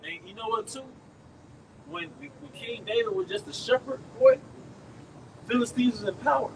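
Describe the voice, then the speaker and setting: Loud slangy street preacher outdoors. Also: male voice, very high voice, huge pitch swings, normal speed. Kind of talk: outdoor camp teaching. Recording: distant mic, traffic noise outdoors.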